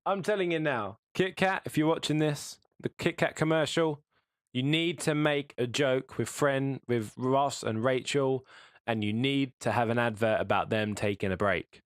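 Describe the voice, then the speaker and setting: A man co-hosting a podcast in casual chat, halting and restarting often. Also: medium pitch, clean tone, no room sound, studio quality. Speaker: podcast co-host.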